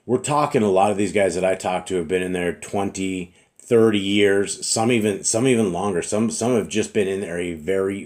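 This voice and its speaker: A middle-aged man preaching in an earnest, repetitive way, clearing his throat often and fighting a slight cough. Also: deep voice, a little mellow. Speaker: religious teacher. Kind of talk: informal preaching monologue.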